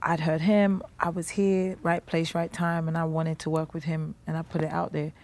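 A woman's voice: sits low, moderate pace. A woman from West London with a London accent, a musician guest chatting casually and breaking into playful mimicry. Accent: London English. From West London, England. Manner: animated, laughs often, jumps into mimicry. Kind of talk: casual interview chat.

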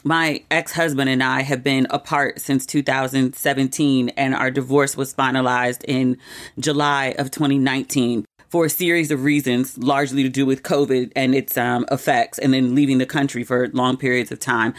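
Chatty expressive woman telling a story. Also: very deep voice. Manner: chatty and expressive, quick asides, laughs often. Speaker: podcast host. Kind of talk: candid personal storytelling.

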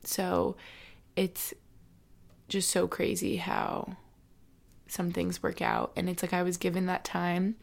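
A young woman in her twenties, a college student telling a personal story to viewers, near tears, talking in a loose, halting way full of "like" and soft breathy asides. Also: fairly low pitch, monotone. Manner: tearful, heavy use of "like", soft breathy asides.

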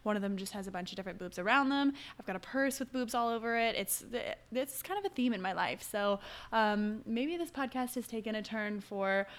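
A woman's voice: on the high side, animated, fairly quick, few pauses. A young adult woman hosting a casual solo podcast, chatty and upbeat with rambling asides. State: hiccuping. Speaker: podcast host.

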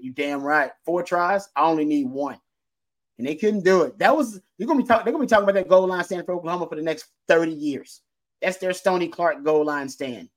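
A man co-hosting a football podcast, talking in an emphatic, animated way and laughing easily. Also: on the high side. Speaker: podcast co-host, football analyst. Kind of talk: casual sports talk.

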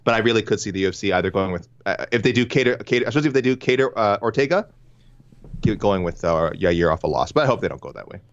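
A man's voice: fairly low pitch, lively intonation, fast talker. A man co-hosting a casual MMA talk show, rambling and thinking aloud with many restarts. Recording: dull lo-fi sound.

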